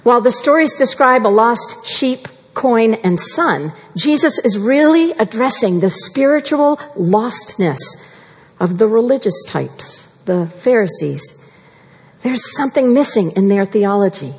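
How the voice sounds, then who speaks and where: A woman preaching a sermon with an earnest, measured delivery that slows for emphasis. Her voice sits fairly high and has a breathy edge. A long reverb trails after her words, as in a large hall. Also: expressive.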